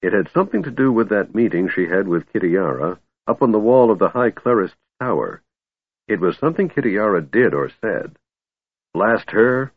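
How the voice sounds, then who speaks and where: A man doing a gruff old dwarf. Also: lowish voice, lively intonation, moderate pace, no echo, narrow, tinny audio. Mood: somber, then bitter. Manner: gruff, snappish. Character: gruff old male dwarf, proud and grumbling.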